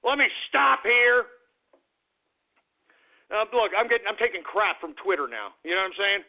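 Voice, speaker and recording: A man's voice: high-pitched, lively intonation, moderate pace, gravelly. A man hosting a talk radio show, ranting in a crude, repetitive monologue. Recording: tinny phone-like radio sound.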